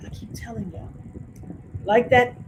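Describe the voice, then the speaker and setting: A woman's voice: on the high side, unhurried, noisy background. A woman hosting a livestream, talking straight to her viewers in an emphatic, preachy way. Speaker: livestream host. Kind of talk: casual livestream rant to chat.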